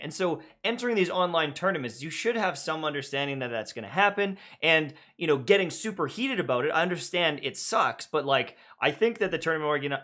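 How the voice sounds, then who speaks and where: A man's voice: fairly high pitch, pushed and bright. A man co-hosting a gaming podcast, chatting loosely with lots of fillers. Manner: loose and rambling, many fillers. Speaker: podcast co-host. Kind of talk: casual gaming podcast chat.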